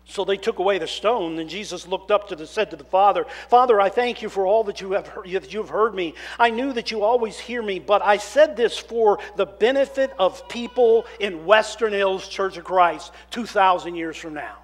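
High-voiced preacher, hushed to loud. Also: male voice, moderate pace, few pauses. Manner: dramatic shifts between hushed scripture reading and loud animated storytelling. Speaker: minister. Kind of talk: sermon reading and preaching. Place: church sanctuary.

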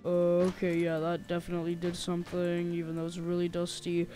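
A man's voice: high voice, monotone, brisk, dark tone, close to an everyday voice. A young man voicing a chatty, hapless male robot bear janitor in a game role-play, muttering to himself as he works. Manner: mutters to himself while working.

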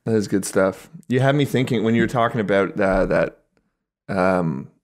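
A man's voice: fairly low pitch, normal speed. A young man co-hosting a casual comedy podcast, laid-back, agreeing often and riffing on jokes. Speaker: podcast co-host.

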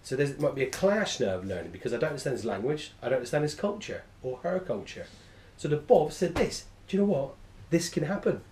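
A man's voice: medium pitch, very animated, fast talker, hardly any pauses, darkish tone, slight background noise. A man teaching a class, enthusiastic and rambling, often correcting himself mid-sentence. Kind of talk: classroom lecture. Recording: echoey room.

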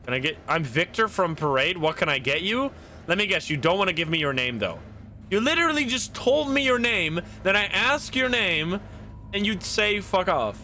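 Excitable man streaming a game. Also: on the high side, a little hiss or hum. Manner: excitable, swears and laughs, narrates his moves. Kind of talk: casual gameplay commentary.

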